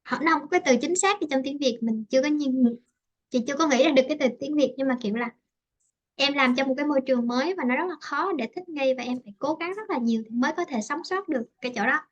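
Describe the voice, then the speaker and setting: A woman's voice: high voice, rapid-fire, highs cut off. A woman with a Vietnamese accent teaching an English lesson, switching between Vietnamese and English and explaining with many fillers and restarts.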